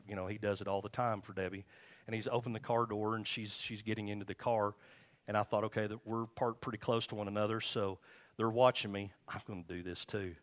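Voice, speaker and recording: A man with a fairly low voice preaches a sermon in a relaxed, conversational way. He drifts between scripture reading and stories from his own marriage, chuckling as he goes. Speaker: pastor. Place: church.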